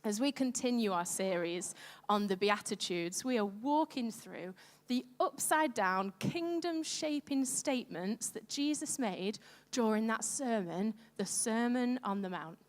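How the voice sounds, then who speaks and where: Woman preacher, high animated voice, long church reverb, chatty sermon. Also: unhurried, few pauses. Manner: lively, conversational preaching. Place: church hall. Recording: echoey church hall.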